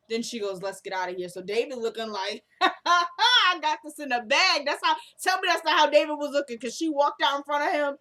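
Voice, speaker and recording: A chatty woman recapping a TV episode in casual talk, acting out the characters' lines as she goes. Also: a little high. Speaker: recap vlogger.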